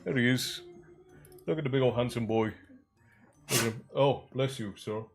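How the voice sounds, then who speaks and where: A man's voice: medium pitch, normal speed, music in the background. A man hosting a casual live stream, chatting loosely with viewers, reading out their messages and thanking them by name. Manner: chatty, reads chat aloud and thanks viewers.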